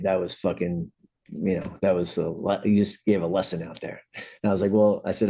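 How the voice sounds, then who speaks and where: A middle-aged man from New York City, a punk singer, telling an animated backstage story with swearing and acted-out voices. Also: sits low, fairly quick, husky. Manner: animated anecdotes, acts out quoted voices, swears freely. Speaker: guest, punk band vocalist. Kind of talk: casual storytelling.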